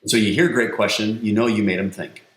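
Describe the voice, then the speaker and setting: Low voiced guy on a podcast, tells stories and acts out quotes, kinda echoey room. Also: a little fast. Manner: energetic storyteller, acts out quotes. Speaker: podcast guest, sales coach. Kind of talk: conversational interview. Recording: roomy echo.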